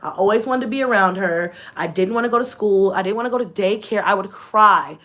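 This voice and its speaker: A young woman, telling a story in a casual vlog, expressive and swearing freely. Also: fairly quick. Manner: expressive, swears freely, swings from low asides to shrieking and laughing. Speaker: vlogger.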